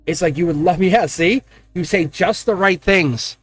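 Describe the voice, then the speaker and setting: A man giving a casual, rambling tarot reading, talking excitedly and directly to the viewer. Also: high-pitched, a little slow, no echo, faint music behind. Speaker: tarot card reader.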